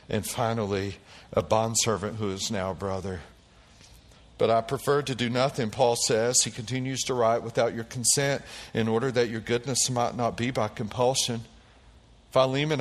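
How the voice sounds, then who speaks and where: A man preaching a sermon, calling out to the congregation and swinging between quiet low passages and loud high bursts. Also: moderate pace, in a large hall. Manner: animated preaching with call-and-response. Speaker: pastor.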